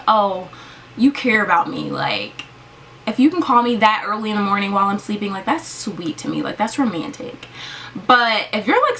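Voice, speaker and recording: A woman's voice: fairly high pitch, sharp tone, a little hiss or hum. A young woman vlogger ranting casually to camera, filling her talk with "like". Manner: ranting, heavy use of "like". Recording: slightly distant mic.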